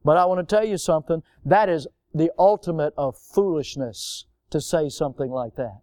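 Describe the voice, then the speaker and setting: An older man delivers a sermon with a notably high voice, pressing his points through homespun stories and pointed rhetorical questions. The sound is dry and close, with no room around him. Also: animated, normal speed, a little mellow, no echo. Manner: emphatic, folksy preaching with stories and rhetorical questions. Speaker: pastor.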